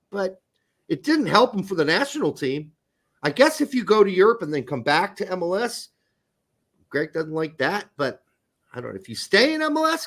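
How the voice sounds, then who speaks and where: Sex: man. Role: podcast co-host. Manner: blunt, joking, profane. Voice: slightly high, very animated. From United States. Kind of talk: casual sports chat.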